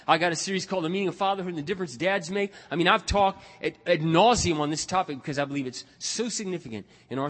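Blunt older pastor preaching in a big echoing hall. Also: male voice, a little high. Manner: animated storyteller, blunt and emphatic. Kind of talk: sermon. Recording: long reverb of a large hall.

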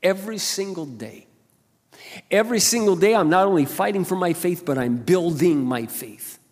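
A man preaching a sermon as a pastor, passionate, dropping to quiet asides and then rising to loud exclamations. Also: sits high, expressive, moderate pace. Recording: long hall reverb.

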